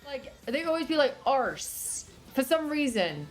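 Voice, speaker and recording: English woman streamer chatting away, kinda high voice, faint music behind. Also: big pitch swings. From England. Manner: chatty, quick asides. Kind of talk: casual chat reading chat.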